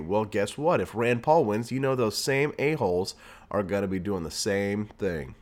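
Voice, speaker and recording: A man's voice: on the low side, moderate pace. A man hosting a political podcast, ranting in a fired-up way and reading news aloud with his own asides. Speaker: podcast host. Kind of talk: political commentary monologue.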